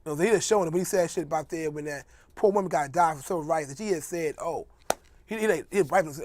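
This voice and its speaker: A man talking in a loose, rambling comic monologue, his pitch swooping up and down as he jokes and mocks. He laughs often, and his voice sounds close and dry with no room echo. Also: expressive, fast. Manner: joking, mocking, laughs often. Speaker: host. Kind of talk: casual comedic monologue.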